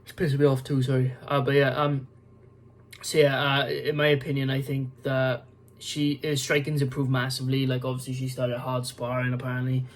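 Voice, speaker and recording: A man talks through his fight picks in a loose, rambling way, circling back on himself and filling gaps with ums and likes. He sounds tired and keeps yawning as he goes on, his voice sitting at an ordinary middle pitch. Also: completely flat delivery, normal speed, slight background noise. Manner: rambling with many fillers and restarts. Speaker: MMA prediction channel host. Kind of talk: casual fight-prediction commentary.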